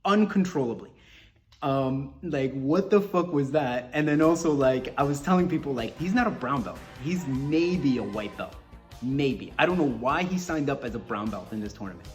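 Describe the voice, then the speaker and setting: A man from Colombia, an MMA fighter, telling a story in casual, animated talk. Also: medium pitch, normal speed, soft background music. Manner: animated, lots of fillers and restarts. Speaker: MMA fighter, podcast guest.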